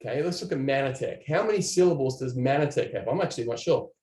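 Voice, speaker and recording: A man giving an online training presentation, animated and chatty, talking to viewers in the chat. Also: mid-range voice, fast, roomy sound.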